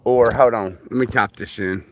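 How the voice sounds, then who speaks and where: A man's voice: medium pitch, moderate pace, a little hiss or hum. An older man, rambling through folksy stories while chatting with viewers on a livestream. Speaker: livestream host. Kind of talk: casual live chat with viewers.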